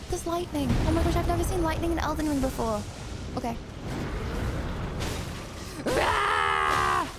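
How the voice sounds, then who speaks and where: A young woman streaming a game, chatty and excitable, talking to her chat with sudden yelps and shouts. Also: very high voice, fast talker, loud music behind the voice. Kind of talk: live gameplay commentary.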